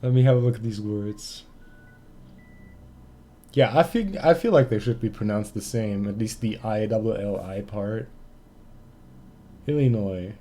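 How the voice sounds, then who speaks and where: A man's voice: on the low side, moderate pace, dark tone. A young German man streaming a game, chatting casually in English with a German accent, ranting and swearing in exasperation. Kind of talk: casual live-stream chat.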